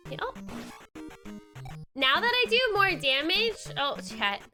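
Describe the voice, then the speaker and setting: A tired, yawning woman streaming a video game, thinking out loud and chatting to her viewers. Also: extremely high pitch, big pitch swings, slow. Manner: thinks aloud while playing and talks to chat. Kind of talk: casual livestream gaming commentary. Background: game music.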